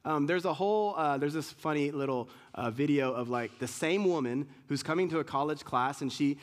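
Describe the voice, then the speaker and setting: A man preaching a sermon with a fairly high voice. He speaks conversationally, stumbling and restarting as he goes, and slips into quick impressions of what people say. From United States. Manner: conversational preaching with many restarts and acted-out quotes. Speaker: pastor.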